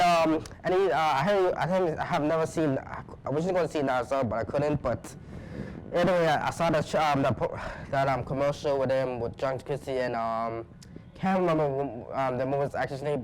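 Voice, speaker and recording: A young man talks as a first-time guest at a mid pitch, groping for words with constant ums and false starts. His casual chat has a faint hiss under it. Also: poor audio. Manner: hesitant, filled with ums and restarts. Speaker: guest co-host.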